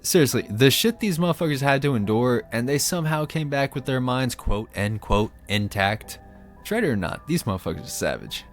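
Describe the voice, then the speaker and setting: A man's voice: medium pitch, expressive, normal speed, faint music behind. A man ranting about fantasy lore in a sarcastic, profane, comedic commentary style.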